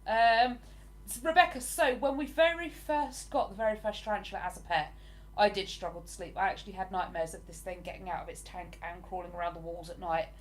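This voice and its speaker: Answering viewer comments on her livestream, this host from England, in her forties, keeps the chat relaxed. She talks fairly quickly in a mid-range voice with a steady tone.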